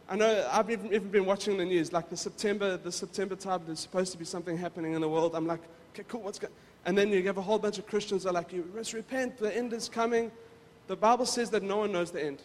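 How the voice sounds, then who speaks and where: A male pastor preaching in a casual, conversational way, often repeating words as he goes. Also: high voice. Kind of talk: casual sermon. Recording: reverberant hall.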